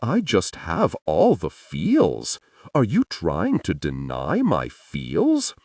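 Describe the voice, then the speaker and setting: A man reading an audiobook, voicing an earnest, tipsy young man who turns giddy and weepy, gushing in a slow sing-song way. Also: deep voice, huge pitch swings, darkish tone, dry recording, studio quality, far from the mic, full character voice. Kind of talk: audiobook character voice.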